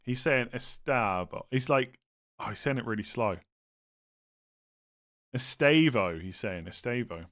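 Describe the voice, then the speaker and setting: A young man hosting a casual live stream, reading viewer questions aloud and thinking out loud with self-mocking humor. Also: mid-range voice, moderate pace.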